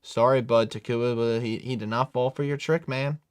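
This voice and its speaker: A man's voice: medium pitch, steady tone, normal speed, clear, resonant tone, no room sound, clean studio sound. A man hosting a live watch-along, giving casual, joking commentary with chuckling asides.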